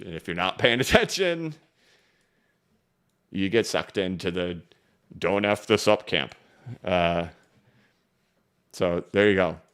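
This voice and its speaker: A man hosting a live-stream crypto market show, talking emphatically while he goes through charts and reads viewer questions. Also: fairly low pitch. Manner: energetic, emphatic, talks fast. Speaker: crypto market analyst host.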